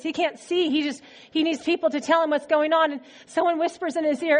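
A woman preacher giving a sermon in a conversational, animated storytelling manner. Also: very high voice, a little fast, few pauses.

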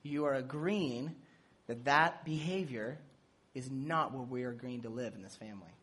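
With a slightly rough, mid-range voice at normal speed, a parent delivers an easygoing sermon. Quoted dialogue gets acted out with energy, and jokes and laughter run through the teaching.

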